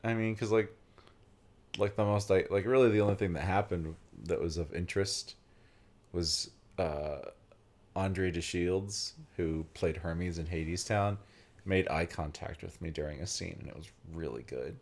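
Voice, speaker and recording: A man's voice: low-pitched, normal speed, darkish tone. A young man from Virginia hosting a let's play, chatting casually and rambling with lots of "like" and "um". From Virginia, USA. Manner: rambling, full of "like" and "um". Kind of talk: casual chat while playing a game.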